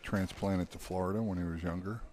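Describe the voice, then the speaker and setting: A man with a low voice handles live pool play-by-play in a relaxed tone. He reads the score, explains shots and riffs easily with his co-commentator. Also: a little fast, noisy background. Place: pool hall.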